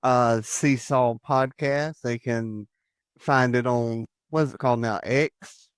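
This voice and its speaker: A man from the United States hosts a podcast in a loose, joking chat. His voice is smooth and clear, and the sound is dry and close. He laughs easily between his lines. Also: mid-range voice, steady tone, slow, no room sound. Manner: jokey and chatty, laughs often. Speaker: podcast host. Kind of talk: casual chat.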